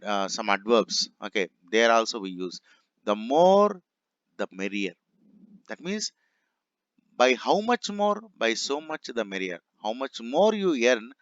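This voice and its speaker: A man's voice: lowish voice, fairly bright tone, smooth, no room sound. A man teaching a grammar class, explaining patiently and saying each example sentence twice. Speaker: English teacher. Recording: dull, muffled lo-fi recording.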